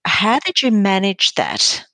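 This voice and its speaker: A woman interviewing a guest, asking gentle questions and giving brief attentive responses. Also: medium pitch, huge pitch swings, slow, no echo. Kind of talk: conversational interview.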